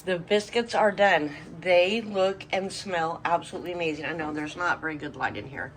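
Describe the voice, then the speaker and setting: A woman's voice: lowish voice, normal speed. Middle-aged woman, home cooking vlog host, enthusiastic casual chatter. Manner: chatty, enthusiastic, talks with mouth full. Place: home kitchen.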